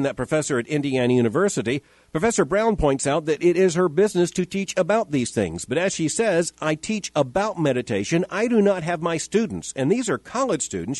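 A man's voice: on the high side, a little mellow, no room sound. Emphatic man in scripted commentary. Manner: measured, emphatic, quoting and rebutting with repetition. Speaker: host of a daily commentary podcast.

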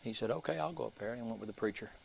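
A man's voice: on the low side, very fast, vocal fry, a little mellow, breathy edge, no echo. A man, preaching by telling a folksy story and acting out the people's voices. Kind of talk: sermon storytelling.

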